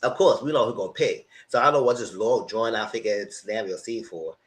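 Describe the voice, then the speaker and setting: A man giving a casual live recap of a reality dating show, animated and slangy, with mocking asides to the contestants. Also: on the low side, brisk. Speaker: reality TV reviewer.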